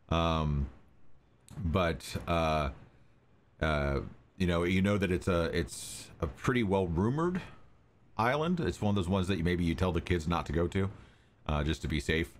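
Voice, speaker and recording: A man narrating as game master of a tabletop game, relaxed and full of ums and uhs. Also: low-pitched, a little hiss or hum.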